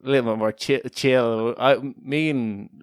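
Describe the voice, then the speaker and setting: A man's voice: medium pitch, fairly even intonation, a little slow, clean tone, dry recording, clean studio sound. A young Irish man with a Kildare accent, a podcast co-host telling stories in casual chat, rambling, swearing and laughing often.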